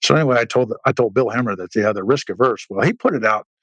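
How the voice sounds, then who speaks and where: A man's voice: fast talker, a bit bright, dry recording, rough recording. A middle-aged man, a military veteran guest, telling war stories in a rambling, anecdotal way and acting out the dialogue. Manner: rambling anecdotal telling with many restarts and fillers; acts out quoted dialogue with raised pitch. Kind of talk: casual storytelling interview.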